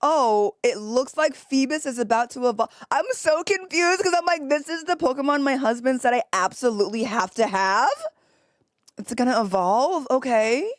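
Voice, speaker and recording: A woman's voice: sits high, expressive, normal speed, no echo, clean studio sound. A woman streaming a video game, gushing and squealing as she comments on her play. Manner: gushing, squealing, laughs often. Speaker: gaming streamer. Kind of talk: excited let's-play commentary. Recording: game music playing behind her.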